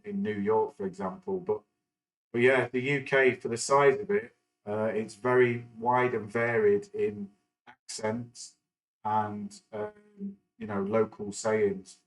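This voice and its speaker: This stock market livestream host, a middle-aged man from northern England, has a medium-pitched, slightly bright voice captured on a rough recording. He chats casually, rambling and often stopping to restart, with many fillers.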